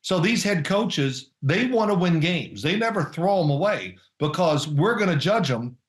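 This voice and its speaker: An older man, a former football player being interviewed, telling stories in a lively, chatty way and laughing often. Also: fairly high pitch, moderate pace, echoey room. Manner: animated storyteller, mimics others, laughs often. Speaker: guest, former NFL quarterback and analyst. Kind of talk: casual remote interview.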